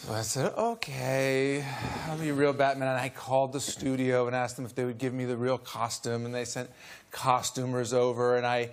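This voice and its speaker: A man's voice: medium pitch, completely flat delivery, a little fast. A man, a guest on a chat show, telling an amused story and laughing often. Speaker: guest actor. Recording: noisy studio with audience.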